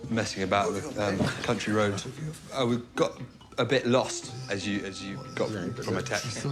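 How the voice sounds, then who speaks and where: A man's voice: on the low side, fairly even intonation, moderate pace, music in the background, lightly acted. An actor playing an anxious, awkward young British man who rambles and hesitates with ums. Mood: nervous.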